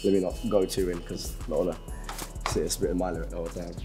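A man's voice: low-pitched, little pitch movement, quick pace, dark tone, soft background music. A young man, chatting casually while playing a lyrics game, laughing often and apologizing. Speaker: musician guest.

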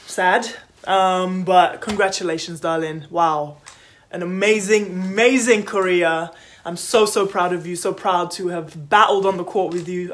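A woman teammate sending a casual, playful then heartfelt video tribute from a hotel room. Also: fairly low pitch. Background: music playing.

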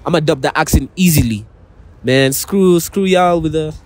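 A man's voice: on the high side, normal speed, close to an everyday voice. A young man putting on an American country accent, playing a brash, boastful guy full of slang. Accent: put-on American country.

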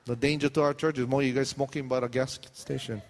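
A man's voice: mid-range voice, little pitch movement, fast, in a large hall. A man from Hawaii with a Hawaiian Pidgin accent, preaching in a church and teasing his congregation with jokes. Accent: Hawaiian Pidgin English. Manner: jokey, teasing banter with the crowd. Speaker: pastor. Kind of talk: joking sermon to a congregation. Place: church hall.

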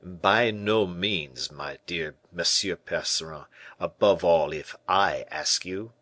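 A man reading an audiobook, voicing a suave, mild-mannered bishop who persuades smoothly and gently. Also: low voice, very animated, measured pace, no echo, heavily acted. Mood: coaxing.

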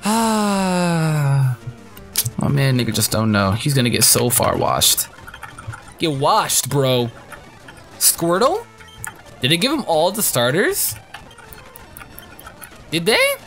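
A young man commenting on his own game playthrough, excitable, crude and joking. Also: medium pitch, unhurried, vocal fry, soft background music. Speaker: gaming YouTuber. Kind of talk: let's play commentary.

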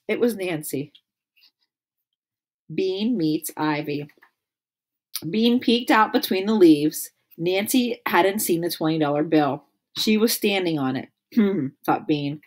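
Storybook reader, woman, low-pitched, reads aloud with asides. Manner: laughs and adds comments between passages. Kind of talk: reading a children's book aloud.

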